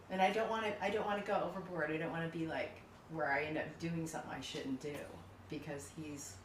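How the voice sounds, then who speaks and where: A middle-aged mother sharing with a support group, halting and hesitant, restarting her sentences. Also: low-pitched. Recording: echoey room, distant mic, faint noise.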